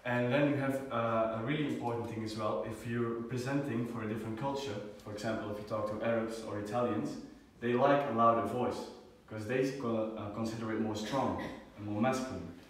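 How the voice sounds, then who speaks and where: A young man giving a student class presentation, halting often with fillers and restarts. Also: mid-range voice, fairly even intonation. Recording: echoey room, far from the mic.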